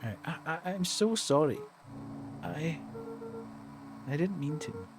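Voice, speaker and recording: A man's voice: on the high side, expressive, slow pace, music in the background. A Scottish man reading a game aloud and voicing a worried young boy who calls out anxiously for his friends. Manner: anxious, calling out.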